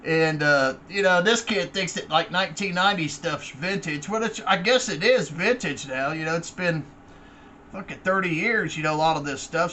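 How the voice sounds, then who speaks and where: Casual male vlogger with a high voice, rambling and swearing freely. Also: sharp tone, slight background noise.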